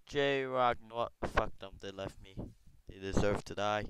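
A man's voice: medium pitch, lively intonation, takes it slowly, hardly any pauses, fairly bright tone, a little hiss or hum, rough recording. A man commentating his own gameplay, frustrated, cursing and talking to himself. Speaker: gamer. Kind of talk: let's play commentary.

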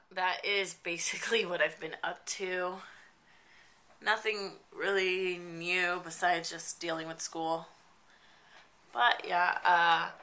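A young woman with a stuffy nose and a slightly raspy voice, chatting casually in a vlog update with lots of fillers. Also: fairly low pitch, bright, forceful tone. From New Jersey. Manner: chatty, rambling with many fillers. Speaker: makeup vlogger.

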